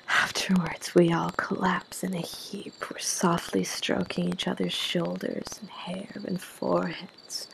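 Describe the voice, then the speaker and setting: A woman narrating in the first person with a breathy, intimate whisper in a whispered role-play. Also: lowish voice, flat delivery, measured pace, hardly any pauses, fairly bright tone, low-quality recording.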